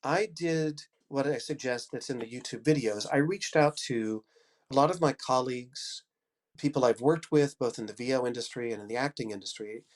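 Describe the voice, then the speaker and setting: With a head cold, a man in his fifties, both audiobook narrator and coach, presents a conference talk in a mid-range voice at a moderate pace. His delivery is upbeat, generous and encouraging.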